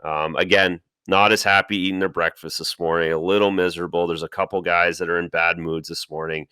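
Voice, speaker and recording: A man's voice: low voice, level tone, brisk, bright, forceful tone, clear, resonant tone, no room sound, clean studio sound. A man co-hosting a sports podcast, talking in a casual way with frequent stammers and restarts. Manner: stammers and restarts, repeats words. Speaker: podcast co-host, former player.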